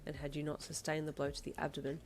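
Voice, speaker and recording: A woman's voice: deep voice, little pitch movement, fast, gravelly, slight background noise. Curt, clinical male doctor, stern and matter-of-fact, read by a woman. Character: blunt male hospital doctor, authoritative.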